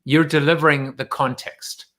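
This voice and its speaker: A man hosting a casual video-call chat, teasing his guest in a playful, quick-witted way. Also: a little high, little pitch movement, a bit bright. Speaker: host.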